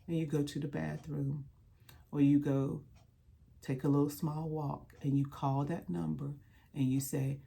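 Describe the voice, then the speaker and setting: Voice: mid-range voice, little pitch movement, measured pace, vocal fry, dark tone, slightly rough. A speaker with a mid-range voice talks straight to the camera about hard experience. The delivery is earnest and plainly colloquial. It builds through repeated phrases in a preacher-like rhythm. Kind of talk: heartfelt direct-to-camera talk.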